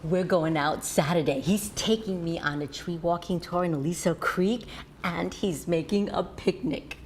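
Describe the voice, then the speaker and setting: A woman's voice: on the low side, normal speed, a little hiss or hum, lightly acted. An older woman acting a hopeful friend smitten with a new man, eager and gushing, in a TV drama.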